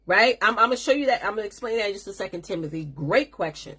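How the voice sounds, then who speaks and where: A woman hosts a casual live-stream lesson for her viewers. Her voice has a husky, breathy grain and sits at an ordinary pitch. She talks in a chatty, sassy way and calls her audience honey. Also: lively intonation, fast, bright, forceful tone. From New York. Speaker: business coach hosting a live stream.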